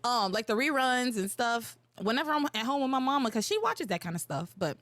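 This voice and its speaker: A young adult woman hosting a podcast in casual, animated chat, exclaiming and swearing freely. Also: a little high, a little fast, no room sound. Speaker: podcast host.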